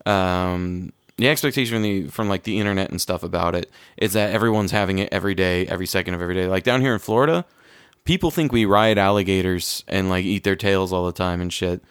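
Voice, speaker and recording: A man's voice: low voice, fast, clean tone, no room sound, studio quality. A man co-hosting a casual podcast chat, crude and joking, rambling with restarts. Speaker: podcast co-host. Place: lives in Florida. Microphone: own dedicated microphone.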